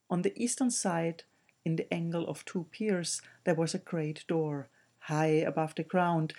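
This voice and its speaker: A man reading a fantasy novel aloud as an audiobook narrator, in a measured way. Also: fairly high pitch, a little mellow. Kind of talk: scripted narration.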